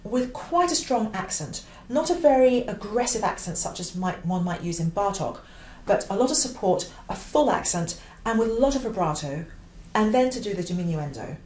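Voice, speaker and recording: A woman teaching the oboe, talking through a piece with clear, emphatic explanations and the odd sung phrase. Her voice carries in a roomy space with a faint hiss behind it. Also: medium pitch, expressive, normal speed, hardly any pauses, darkish tone. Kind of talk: instructional explanation.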